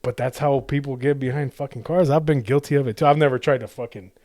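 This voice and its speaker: A man's voice: mid-range voice, steady tone, quick pace, dry recording, clean studio sound. A man co-hosting a podcast, telling a road-rage story in casual, profane chat with lots of restarts. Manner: acts out shouted road-rage quotes. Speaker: podcast co-host.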